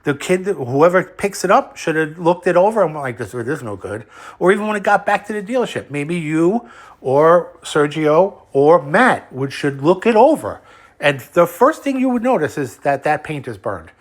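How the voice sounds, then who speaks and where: A man's voice: fairly high pitch, animated, normal speed. A man who is losing his voice, retelling a dispute as a fed-up customer, cursing freely and tripping over his words. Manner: heated, curses freely, stumbles and repeats. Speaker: unhappy customer. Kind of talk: casual angry retelling.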